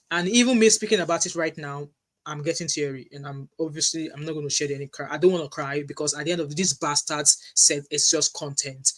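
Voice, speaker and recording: A woman's voice: deep voice, a bit bright. A woman in her thirties with a Nigerian accent talks straight to her viewers in a commentary vlog. She is passionate and emphatic, pressing her points with rhetorical questions and slipping into Pidgin. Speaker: vlogger, mother.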